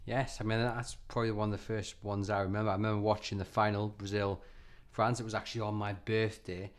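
A man chatting casually as host, eager and quick. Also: fairly low pitch, flat delivery. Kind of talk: casual chat.

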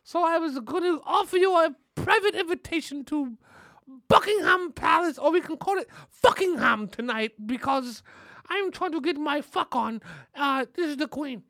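A man's voice: lively intonation, moderate pace, gravelly, pushed and bright, no room sound, heavily acted. A man putting on the voice of a lewd, imperious elderly queen, speaking in a mock-proper, posh manner as a comic impression. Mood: smug. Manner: mock-proper, high-pitched posh put-on voice.

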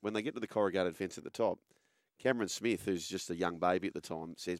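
An Australian man hosting a sports chat, telling stories in a relaxed, animated way. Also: sits low, quick pace, no room sound, studio quality. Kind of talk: casual chat, storytelling.

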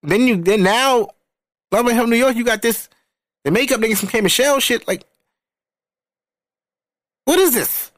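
A man on a comedy podcast, ranting crudely and rambling about reality TV, often jumping into excited outbursts. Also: extremely high pitch, fairly quick, no echo, studio quality. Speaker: podcast co-host or guest. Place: podcast recording setup.

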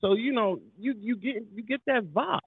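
A man's voice: very high-pitched, moderate pace, dry recording. A man co-hosting a podcast, chatting casually and hyping up his lines. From New York. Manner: animated, hypes up his lines. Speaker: podcast co-host. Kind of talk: casual chat. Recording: husky voice over a tinny phone-like line.

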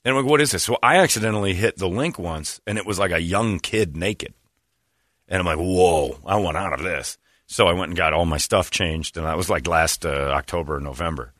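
A man hosting a talk show, telling stories in casual, animated chat. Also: low-pitched, a little fast, dry recording, clean studio sound. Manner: animated, self-amused storyteller who slips into quoted voices. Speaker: radio show host.

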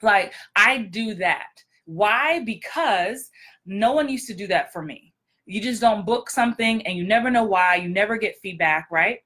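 A woman's voice: mid-range voice, animated, a little slow, a bit bright. A woman acting coach hosting a podcast, talking in a direct, blunt, emphatic way with repeated punchlines. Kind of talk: casual podcast monologue.

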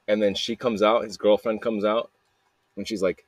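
A man's voice: lowish voice, steady tone, brisk, darkish tone, slight background noise. A man talking in a casual, rambling confessional monologue, repeating himself and tossing in "man" and "dude" with plenty of swearing. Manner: rambling and repetitive, peppered with "man" and "dude", profane. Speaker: podcaster sending a voice message.

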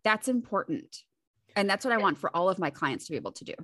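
A woman's voice: medium pitch, very animated, quick pace, a bit bright, no room sound. Woman host, relationship coach and parent; frank, profane, dry close sound. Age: adult with a young child. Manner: frank and profane, mimics herself in quoted asides. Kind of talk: casual chat.

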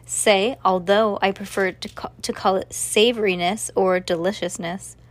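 A woman voicing a gentle, soft-spoken blind male chef in a read-aloud story, slow and measured. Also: mid-range voice, steady tone, no room sound, natural voice. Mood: instructive.

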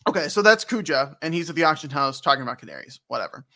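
A young man co-hosting a casual podcast, rambling and joking and laughing often. His voice is bright, with lively swings in pitch, and sits a little high. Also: racing. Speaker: podcast co-host recapping a game. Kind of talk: casual chat.

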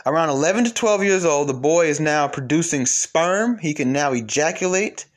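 A man's voice: lively intonation, normal speed. Guy lecturing his viewers all preachy, voice jumps around a lot, really emphatic. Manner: emphatic, swings between loud and low, mimics, quotes scripture.

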